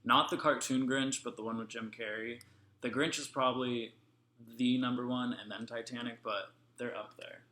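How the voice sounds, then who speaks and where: A man's voice: mid-range voice, steady tone, moderate pace, bright, forceful tone. A young man co-hosting a casual family vlog Q&A, chatty and laughing often while telling stories. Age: young adult. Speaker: vlog co-host. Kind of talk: casual live Q&A chat.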